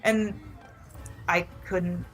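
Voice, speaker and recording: A woman's voice: on the low side, steady tone, drawn-out words, fairly bright tone, soft background music. A middle-aged woman, a podcast guest, telling a personal story in a rambling casual way, full of fillers and frequent laughter.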